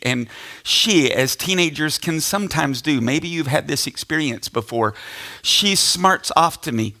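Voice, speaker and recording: A middle-aged male pastor telling a self-deprecating story from the pulpit, animated and laughing at himself. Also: fairly high pitch, measured pace. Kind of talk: storytelling sermon.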